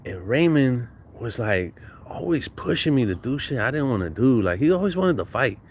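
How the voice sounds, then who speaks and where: A man's voice: medium pitch, big pitch swings, normal speed, slight background noise. A man from Southern California tells stories from his childhood in casual, slangy, profane talk and laughs often. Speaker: podcast guest storyteller. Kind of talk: casual storytelling.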